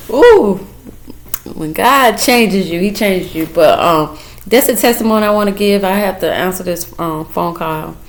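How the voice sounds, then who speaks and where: Earnest mother sharing a faith testimony. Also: lowish voice. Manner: earnest, encouraging, rambling; emotional, near tears. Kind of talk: casual faith testimony vlog.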